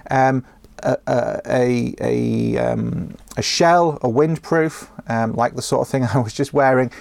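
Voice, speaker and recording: This is a casual solo talk by a man answering viewer questions on a show he hosts from his home office. His medium-pitched voice is steady, slow, gravelly and slightly mellow, with no room sound. He's chatty, often saying um and correcting himself.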